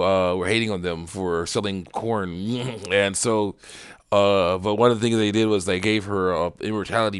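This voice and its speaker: A man's voice: on the low side, clear, resonant tone, dry recording, studio quality. A man giving a casual cartoon review, rambling with lots of fillers and chuckles.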